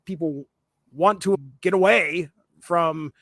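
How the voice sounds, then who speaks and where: A man's voice: fairly high pitch, takes it slowly, a bit bright, dry recording. A man co-hosting a comics podcast in casual chat, rambling with many fillers and restarts. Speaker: podcast co-host.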